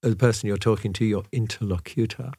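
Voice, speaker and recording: A man's voice: on the low side, steady tone, quick pace, dark tone, slightly rough, no echo, clean studio sound. A man co-hosting a podcast, talking thoughtfully and wryly in casual conversation and playing with words. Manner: thoughtful, wry, playful with words. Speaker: podcast co-host.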